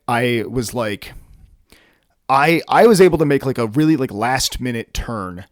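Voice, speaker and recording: A man's voice: medium pitch, no room sound, studio quality. A young man casually telling a story on his vlog, rambling with lots of filler words and swearing. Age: young adult. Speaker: vlogger.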